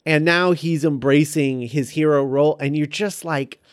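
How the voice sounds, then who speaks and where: Brief: podcast co-host, man, a bit high-pitched, dry close sound, eager and hesitant. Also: steady tone, clear, resonant tone, no echo. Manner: halting, enthusiastic, many fillers. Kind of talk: casual film discussion.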